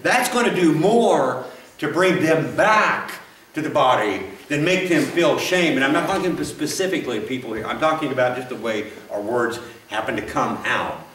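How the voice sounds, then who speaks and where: A preacher heard from afar in a roomy church. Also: male voice, fairly high pitch, animated, moderate pace, a bit bright, slight background noise. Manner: folksy, rambling, frequent restarts and asides. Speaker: pastor. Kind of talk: sermon. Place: church sanctuary. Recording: roomy, from a distance.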